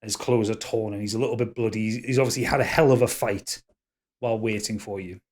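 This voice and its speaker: A man running a tabletop game, narrating scenes in a halting, descriptive way and laughing easily. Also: lowish voice, fairly even intonation. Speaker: game master.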